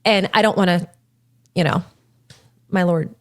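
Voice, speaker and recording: A young woman with a Midwestern American accent, a podcast guest telling stories in an animated, emphatic casual chat. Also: fairly low pitch, measured pace.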